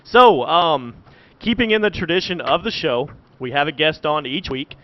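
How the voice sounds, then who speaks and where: A man's voice: fairly high pitch, animated, moderate pace. A man hosting a podcast, rambling and laughing often. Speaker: host. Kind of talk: casual podcast chat. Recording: dull lo-fi voice call audio.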